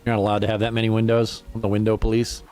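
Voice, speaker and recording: This man speaks rapid-fire in a fairly low, slightly mellow voice with a totally flat delivery, faint music playing behind him. While gaming on a livestream, he rambles to his viewers, curses a lot and laughs frequently.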